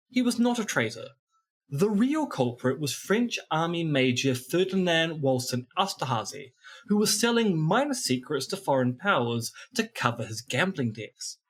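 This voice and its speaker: A man's voice: a little high, big pitch swings, normal speed, breathy edge. A man in his thirties with a New Zealand accent, co-hosting a casual podcast chat with playful, goofy asides. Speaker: podcast co-host.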